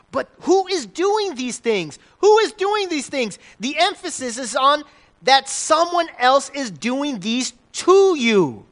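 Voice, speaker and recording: A man with a strikingly high voice preaches to a congregation. His pitch swings widely as he explains, and he talks in a conversational way, often asking questions and restarting his sentences. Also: a bit bright. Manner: conversational, asks the audience questions, frequent restarts. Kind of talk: sermon.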